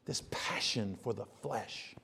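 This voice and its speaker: A man's voice: lowish voice, slow pace, vocal fry, pushed and bright, slightly rough, long reverb tail. A man preaching a sermon in a conversational way, asking many rhetorical questions and building to emphatic bursts. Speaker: pastor.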